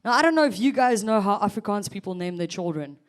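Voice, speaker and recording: Lively South African woman doing stand-up. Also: mid-range voice, quick pace. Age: 30s. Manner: chatty, teasing the audience, animated. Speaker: stand-up comedian. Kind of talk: stand-up comedy set.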